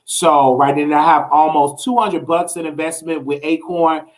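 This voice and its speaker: A man hosting a livestream talk show, swinging from preachy, excited exclamations and scatting sounds to relaxed explaining. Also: fairly high pitch, moderate pace. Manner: relaxed explaining when giving money tips. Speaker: show host.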